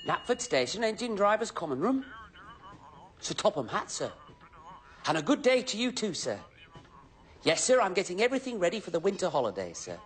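A cheerful, eager-to-please station helper, chattering to himself as he potters about. His voice leaps around with lively, sing-song ups and downs. He stays very polite and scripted, in the manner of children's television. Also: high voice, fairly quick, pauses often, slight background noise. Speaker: children's show presenter.

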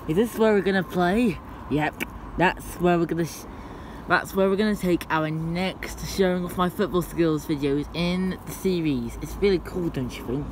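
A male channel host in playful, excitable vlog banter. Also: sits high, noisy background.

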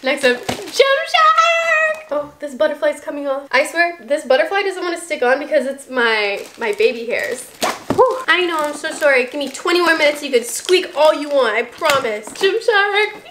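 A young woman vlogger chatting casually while unboxing a haul, gushing and excitable with frequent squeals and gasps. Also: high-pitched, fairly quick, a little hiss or hum.

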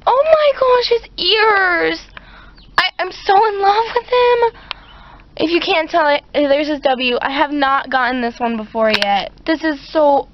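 A high-voiced teenage girl unboxing on camera, gushing and squealing with excitement. The recording is a bit muffled, as if made at home, and a faint hiss sits under her voice. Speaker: vlogger. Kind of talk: unboxing vlog. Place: outdoors at home, later indoors.

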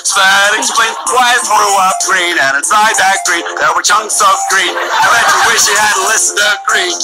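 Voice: mid-range voice, fairly even intonation, moderate pace, close to an everyday voice, poor audio. A performer voicing a goofy crayon in a comic cartoon song, singing gross jokes. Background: loud music.

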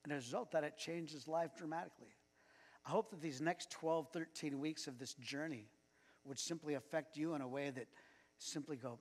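A man's voice: fairly high pitch, fairly quick. A man preaching a sermon as pastor. He speaks conversationally and chuckles as he tells personal anecdotes. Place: church sanctuary. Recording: long church reverb.

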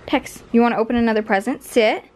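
A woman's voice: fairly high pitch, fast talker, a little hiss or hum. A woman filming at home at Christmas, coaxing her dogs to open presents and voicing their thoughts in a playful way. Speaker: vlogger. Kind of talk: home video, talking to pet dogs.

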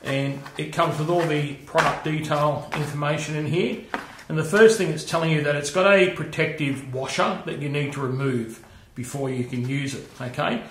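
A man's voice: fairly high pitch, moderate pace, reverberant, background noise. A man giving a casual workshop demonstration of machining tools, chatty, often checking in with "okay" and "all right". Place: home workshop.

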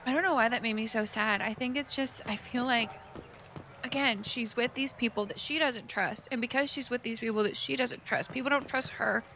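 A woman with a fairly high voice talks through a video game she is playing. Her commentary is chatty and rambling, openly emotional about the story. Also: normal speed, sharp tone, a little hiss or hum. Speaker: let's play streamer. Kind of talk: casual gameplay commentary.

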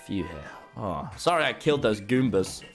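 Excitable man streaming a game. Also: on the low side, normal speed, faint music behind. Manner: excitable, swearing, talks back to chat. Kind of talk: live gameplay commentary.

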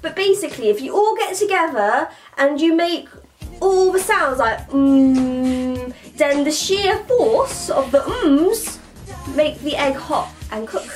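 A woman's voice: high-pitched, very animated, unhurried, faint music behind. A woman doing a rambling comic monologue full of slang, ending lines with 'mate' and 'yeah?'. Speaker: vlogger playing a comic persona.

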